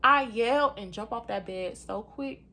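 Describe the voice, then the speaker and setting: Speaking at a normal speed, a young woman relaxedly recounts her own story to her audience. She's animated, keeps addressing them as "y'all," and voices other people's lines in a high pitch.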